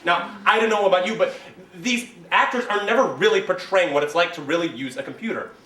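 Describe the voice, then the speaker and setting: Young male speech competitor, animated and comic; high, bright voice; distant mic in a reverberant hall. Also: fairly quick. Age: young adult. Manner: animated, comic, exaggerated storytelling. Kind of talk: competitive oral interpretation performance. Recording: roomy hall, distant mic, faint ambience.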